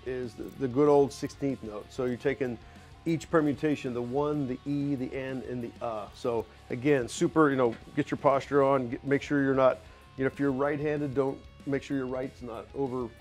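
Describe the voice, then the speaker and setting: A man's voice: mid-range voice, darkish tone. A middle-aged man giving a drum clinic in a recording studio, talking loosely and casually with lots of "you know" fillers.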